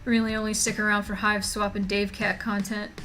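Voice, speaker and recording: A woman's voice: mid-range voice, level tone, fairly quick, sharp tone, soft background music. A woman streamer in casual chat, joking and talking to her viewers as she draws. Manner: chatty and joking, reading chat aloud. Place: home streaming setup.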